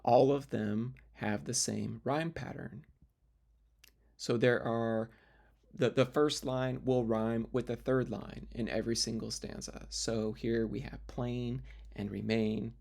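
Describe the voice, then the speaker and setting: A man's voice: mid-range voice, steady tone, slow, vocal fry, a little mellow. A man teaching literature in a recorded lecture video, explaining step by step with fillers and restarts.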